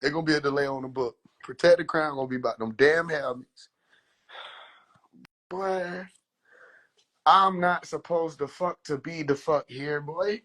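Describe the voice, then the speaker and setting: A young man livestreaming from his phone, rambling in an animated, profane way and slipping into quoted voices. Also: fairly high pitch, unhurried, long pauses. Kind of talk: rambling casual livestream monologue. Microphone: phone on a live stream.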